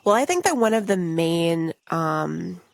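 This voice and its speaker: A woman's voice: lowish voice, very animated, a little slow, vocal fry, dry recording. A woman co-hosting a podcast, talking through ideas casually with lots of "like" and "um". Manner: thoughtful, many fillers like "like" and "um". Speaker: podcast co-host. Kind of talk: casual movie discussion.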